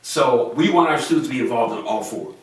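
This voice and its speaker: A man's voice: medium pitch, a little fast. An older man, a physician and medical school dean, telling stories earnestly and at length in an interview. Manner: earnest, anecdotal, explains at length. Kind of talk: interview storytelling. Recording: echoey room, distant mic, faint noise.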